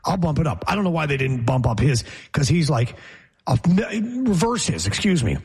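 A man hosting a sports talk show, chatting casually and running through the schedule with animated, opinionated commentary. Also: on the high side, normal speed, slightly rough. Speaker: sports radio host.

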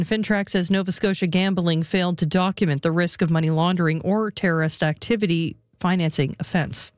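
A woman's voice: on the low side, no echo, clean studio sound. A woman reading a formal radio newscast as the newsreader. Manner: measured, formal delivery.

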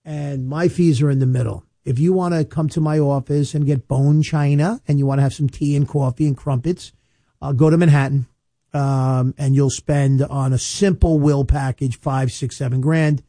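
A New man in his fifties talks through estate planning in a loose, anecdotal way, repeating himself and slowing down to drive a point home. His voice is very dark and mellow, at an ordinary pitch for a man. The recording is dry and close, with no room sound. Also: fairly even intonation, no room sound. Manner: chatty, storytelling with quick asides and repetitions; emphatic, slows down to stress points. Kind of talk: casual advice monologue to camera.

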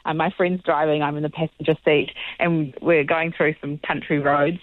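A woman's voice: deep voice, flat delivery, moderate pace, no echo. A woman calls in to a radio show and tells her story animatedly, checking in with "okay?" as she goes. She comes through a tinny phone line with a dry sound. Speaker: caller. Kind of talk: casual storytelling on air.

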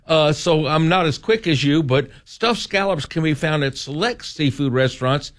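A man's voice: on the high side, expressive, moderate pace. A man co-hosting a casual radio chat, chatty and reading out facts. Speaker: radio co-host.

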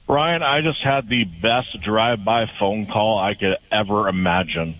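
A man's voice: on the low side, a little slow, no echo. A man calling in to a radio show, chatting in a wry, matter-of-fact way. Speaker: caller. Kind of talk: casual phone chat. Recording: dull phone-quality audio.

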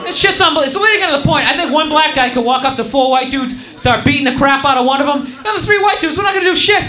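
A man doing a stand-up comedy set, telling a rambling, animated story with crude asides in front of a live audience. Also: extremely high pitch, racing, a faint crowd. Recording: echoey comedy club with loud audience.

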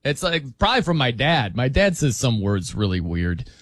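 Radio host man on a studio mic, lively up-and-down voice, dry sound. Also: medium pitch, normal speed, no echo. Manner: chatty, laughs often, mimics others' pronunciations. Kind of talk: casual radio talk.

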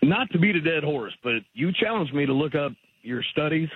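A man's voice: fairly high pitch, animated, moderate pace, slightly rough. A man calling into a radio show, pressing the host with argumentative points. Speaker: caller. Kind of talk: call-in radio conversation. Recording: phone-line caller audio.

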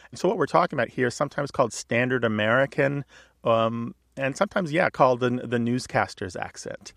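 A man hosting a call-in radio show, explaining to a caller in a relaxed, chatty way with little asides. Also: medium pitch, fairly quick, creaky, no echo, studio quality. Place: radio studio.

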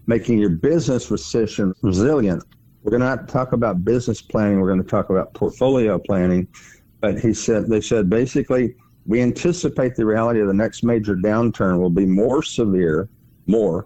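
A middle-aged man with a fairly low voice hosts a financial radio program, explaining things in a casual, emphatic way. He leans on repeated words to drive his points home. The sound is muffled and lo-fi. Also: mellow. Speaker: financial radio show host.

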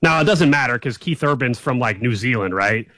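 A man in relaxed conversation, talking in an animated way with sudden quick bursts. His voice sits at a middle pitch, and it is recorded close and dry with no room sound at all. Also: no room sound. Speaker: co-host. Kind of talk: casual chat.

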